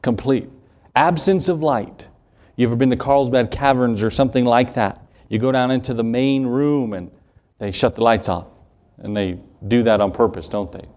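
A middle-aged man with a Southern US accent preaching a sermon in an earnest, conversational way, with quick asides to the congregation. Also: medium pitch, a little mellow. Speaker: pastor.

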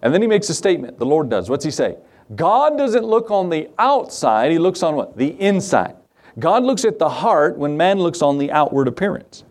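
A man's voice: fairly high pitch, very animated, moderate pace, a little mellow. A man pastor delivering a sermon, emphatic, posing questions and answering them himself. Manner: emphatic, asks and answers his own questions.

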